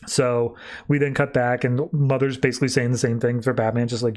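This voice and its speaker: A man hosting a podcast, casually recapping a comic's plot with loose, lively quoted dialogue. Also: mid-range voice, brisk. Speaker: podcast host.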